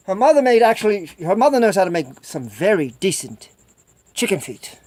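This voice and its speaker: A middle-aged man with a high, lively voice that swoops up and down as he rambles from one story to the next. He repeats phrases and slips into squealing impressions of other people. The recording is close and dry, with no room sound. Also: brisk, no room sound. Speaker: vlogger. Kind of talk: rambling solo video chat.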